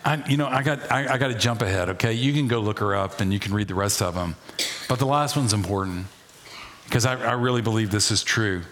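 A middle-aged man preaching a sermon as pastor, folksy and animated, with playful asides and humor. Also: fairly low pitch, brisk.

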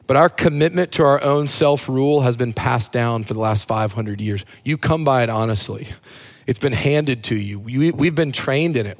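A man preaching a sermon in an animated way, dropping low and quiet on key phrases. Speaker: pastor.

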